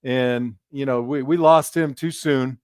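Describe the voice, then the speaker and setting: A middle-aged former player shares stories on a casual sports podcast, acting out the people in them. His voice is smooth and resonant, mid-pitched, and sounds dry and close. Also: a little slow, dry recording. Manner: tells lively anecdotes, often acting out the voices of others.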